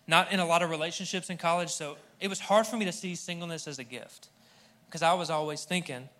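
A young man with a slightly high, somewhat bright voice talks fast as he preaches to a live congregation in a church hall. His sermon is humorous and conversational, aimed straight at the audience.

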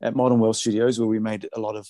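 A man's voice: lowish voice, little pitch movement, fast, dark tone, no room sound. A man, a music producer, talking in a rambling casual podcast chat full of fillers.

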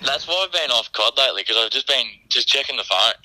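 A man with an Australian accent telling a joke in a relaxed, casual chat. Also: mid-range voice, fast talker, low-quality recording. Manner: laid-back, storytelling. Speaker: guest joke teller.

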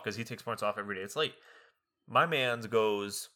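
A young adult podcast co-host, lowish-voiced and speaking at a normal pace, tells a story during casual chat. He's animated and acts out the people he quotes.

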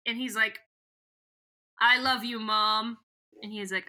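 A woman's voice: medium pitch, fairly even intonation, measured pace, bright, forceful tone. A young adult woman co-hosting a casual podcast, chatting through a book's plot, giggling often and reading the characters' lines aloud in a loose storytelling way. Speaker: podcast co-host. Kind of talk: casual chat retelling a book.

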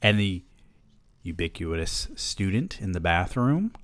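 A man's voice: sits low, big pitch swings, unhurried, fairly bright tone, no room sound, heavily acted. A man voicing a cocky, druggy adult male friend who wisecracks in a smug tone. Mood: sardonic.

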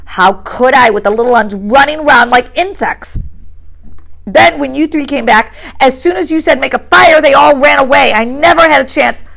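A woman reading aloud and voicing an anxious, indignant plump schoolboy who scolds in a shrill, breathless way. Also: moderate pace, vocal fry, a bit bright. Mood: aggrieved.

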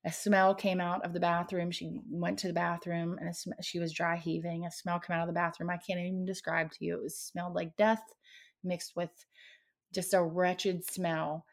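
Lower-pitched woman telling a dramatic story. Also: level tone, normal speed. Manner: dramatic, vivid storytelling with acted quotes. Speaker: podcast guest. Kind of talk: telling a personal paranormal story.

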